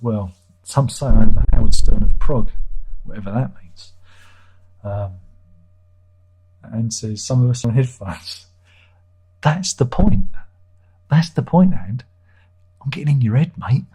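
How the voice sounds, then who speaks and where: Middle-aged male streamer, husky and irreverent, chatty comment-reading host. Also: mid-range voice, expressive, takes it slowly, long pauses, warm tone. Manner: irreverent, joking, swears freely. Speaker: livestream host. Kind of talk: casual livestream chat reading viewer comments.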